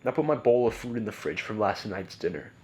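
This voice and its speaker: A man's voice: lowish voice, very animated, fairly quick, darkish tone. A man casually telling a personal story as a podcast guest, rambling with lots of "like" and "bro" and frequent restarts.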